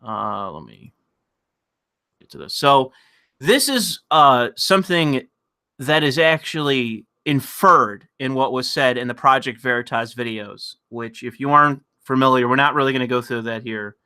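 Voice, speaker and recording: A man's voice: medium pitch, lively intonation, measured pace, bright, forceful tone, smooth. A man ranting sarcastically and with profanity on a live stream of political commentary, sometimes laughing at his own point.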